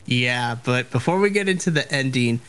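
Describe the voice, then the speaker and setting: Podcast guy getting all fired up, even middle voice, trips on his words. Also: medium pitch, normal speed, clear, resonant tone. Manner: excitable, passionate, stumbles over words. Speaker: podcast co-host. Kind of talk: casual chat.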